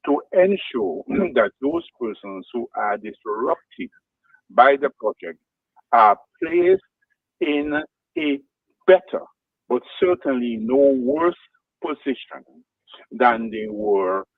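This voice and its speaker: A man on a radio talk show asks careful, deliberate leading questions. His pitch rises and falls in a lively way. The sound is dry and narrow, like a phone line. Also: no echo.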